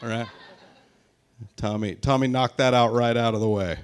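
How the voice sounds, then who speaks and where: Forties stand-up comic from Tacoma, foul-mouthed and self-mocking, average pitch, live set. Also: male voice, moderate pace, clear, resonant tone. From Tacoma, Washington, US. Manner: crude, self-mocking, swears a lot. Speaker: stand-up comedian. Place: live show at a brewery.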